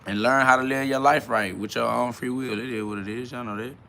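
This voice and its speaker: A man's voice: medium pitch, steady tone, a little fast, vocal fry, pushed and bright, a little hiss or hum. A man in his twenties hosting a podcast, rambling in a slangy, profane, casual monologue while reading chat comments aloud. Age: 20s. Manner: rambling, slangy and profane, with frequent "you feel me" fillers. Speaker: podcast host.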